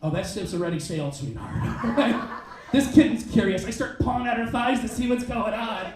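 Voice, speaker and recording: A male stand-up comedian telling a story on a comedy club stage, with an animated, punchy delivery and quick asides. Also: extremely high pitch, noisy background. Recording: roomy club sound, mic at a distance.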